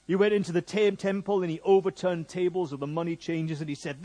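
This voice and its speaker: A man's voice: high-pitched, fast talker, few pauses. Jokey man preaching a sermon. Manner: jokey, conversational, lively preaching.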